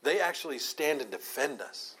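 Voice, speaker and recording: A man's voice: medium pitch, big pitch swings, moderate pace, a bit bright, husky. A man leading a Bible study, teaching with emphatic, repeated phrases.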